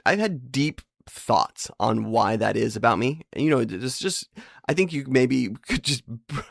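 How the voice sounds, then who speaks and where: A man hosting a podcast, telling rambling, self-deprecating stories in a casual monologue and slipping into quick voice impressions. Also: medium pitch, vocal fry, no echo, clean studio sound. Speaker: podcast host.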